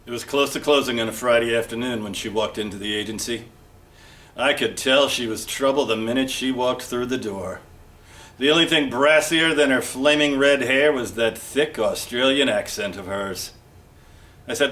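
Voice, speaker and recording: A man's voice: medium pitch, normal speed, a bit bright. Wisecracking man narrating like a detective. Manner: wisecracking, tough-guy drawl. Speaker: library storytime presenter. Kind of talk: hard-boiled detective parody narration.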